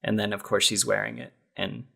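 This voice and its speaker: A podcast co-host recapping a film in casual chat, relaxed and agreeable. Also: medium pitch, fairly quick, vocal fry. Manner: relaxed, agreeable, lots of backchannel.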